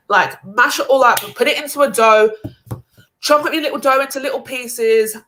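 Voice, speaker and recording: A woman hosting a casual livestream panel over a video call, talking fast and loose with lots of fillers and slang. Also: on the high side, bright, forceful tone, poor audio. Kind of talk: casual chat.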